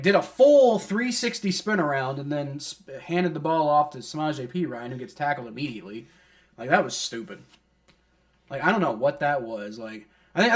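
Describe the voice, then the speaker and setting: A man giving live play-by-play of a football game as a fan, exasperated, complaining and swearing casually. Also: fairly high pitch. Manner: exasperated, complaining at refs and players; swears casually, many fillers like "like". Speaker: fan streamer doing play-by-play.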